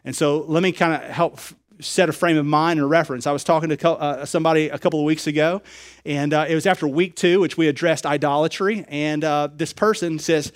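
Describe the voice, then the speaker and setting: A man preaching a sermon, confessional and personal, acting out conversations, swinging between loud excited bursts and quiet low remarks. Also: fairly quick. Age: adult, married with young children. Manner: acts out dialogue in quoted voices. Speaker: pastor.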